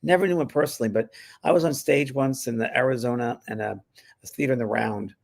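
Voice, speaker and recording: A man's voice: mid-range voice, quick pace, vocal fry. A man hosting a casual chat, telling anecdotes and acting out the voices in them. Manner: chatty storyteller, acts out quoted voices, laughs often. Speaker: spiritual medium and show host.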